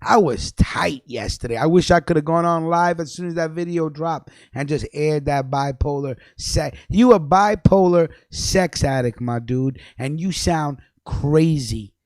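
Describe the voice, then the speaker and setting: A man ranting angrily on a livestream, cursing a lot, repeating himself, and jumping between low mutters and loud outbursts. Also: measured pace, hardly any pauses, no echo, clean studio sound. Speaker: livestream host. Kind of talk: profane ranting commentary.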